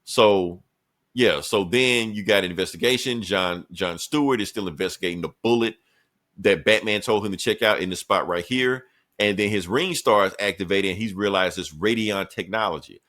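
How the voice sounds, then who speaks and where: A man's voice: fairly low pitch, moderate pace, fairly bright tone. A man co-hosting a podcast, loosely recapping a comic book issue in a profane, joking way with frequent laughs. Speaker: podcast co-host.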